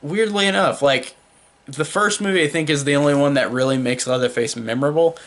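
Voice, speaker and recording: A man's voice: fairly high pitch, fairly quick, fairly bright tone. A young man giving a casual spoken film review, rambling with many fillers and restarts.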